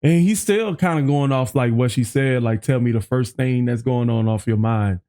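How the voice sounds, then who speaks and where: Dark-voiced man reacting to music. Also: medium pitch, moderate pace. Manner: excited, quotes lyrics back, restarts sentences. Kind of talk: casual reaction commentary.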